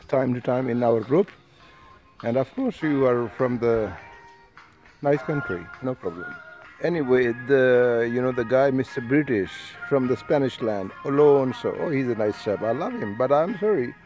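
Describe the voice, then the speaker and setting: A man's voice: medium pitch, darkish tone. Chatty man with music behind. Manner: chatty, addresses listeners one by one, frequent tag questions. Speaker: vlogger addressing an online speaking group. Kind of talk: casual rambling video message. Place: outdoors while travelling.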